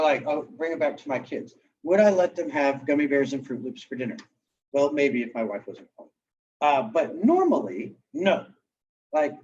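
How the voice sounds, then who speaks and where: A man in his thirties coaches a room of real estate agents, his voice lively and a touch high. He swings between chatty asides and acted-out client lines. The sound is dull and picked up from a distance. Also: slight background noise. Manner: animated, conversational, acts out client dialogue. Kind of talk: live coaching session talk.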